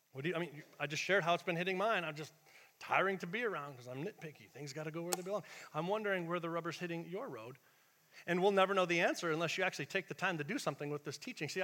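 A man preaching a sermon in a church, his voice bright and on the high side for a man. He talks in an animated, conversational way, jumping from big shouted lines to quiet, confiding asides. A long church reverb trails behind every phrase. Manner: animated, acts out quoted voices, shifts between shouting and hushed asides. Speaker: pastor.

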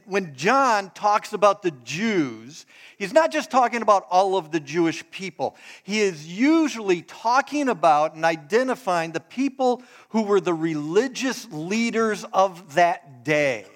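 A man's voice: high voice, a bit bright. A man preaching a casual, joking sermon who talks straight to the congregation and gets them to take part. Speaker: pastor. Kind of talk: sermon with audience participation.

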